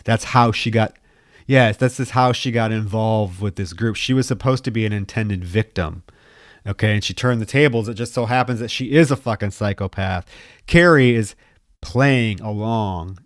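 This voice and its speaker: A man's voice: fairly low pitch, normal speed, dry recording, studio quality. A man co-hosting a podcast, casually recapping a horror movie plot with loose, profane chatter. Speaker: podcast co-host. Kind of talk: casual film discussion.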